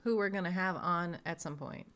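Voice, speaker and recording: Low-voiced woman co-hosting a podcast. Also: normal speed, a bit bright. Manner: reads out listener questions, chatty. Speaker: podcast co-host. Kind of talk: casual podcast chat.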